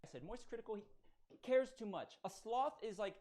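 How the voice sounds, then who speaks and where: A man giving playful commentary, musing aloud in an animated way. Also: sits high, normal speed. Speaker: video commentator.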